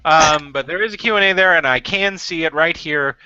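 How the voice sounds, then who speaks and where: Host: man, very bright tone, a bit high, dry muffled call audio. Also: fairly quick, smooth, no room sound. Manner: rambling, joking, reads viewer questions. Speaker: hangout host. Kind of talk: casual group video chat. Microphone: video call mic.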